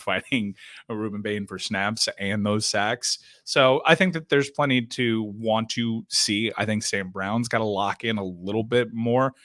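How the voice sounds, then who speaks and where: A man with a fairly low voice talks through college football in a steady, analytical way. His voice is recorded close and dry, with no room sound. He co-hosts a casual sports podcast. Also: dry recording. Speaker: podcast co-host.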